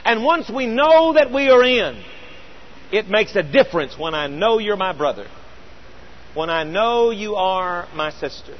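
A middle-aged man preaching a sermon, earnest and storytelling, slowing down with emphatic pauses. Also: high-pitched, big pitch swings, dull audio, slight background noise.

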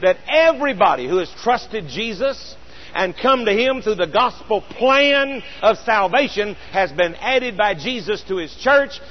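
A middle-aged man preaching a sermon, earnest and storytelling, slowing down with emphatic pauses. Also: sits high, expressive, dull audio, a little hiss or hum.

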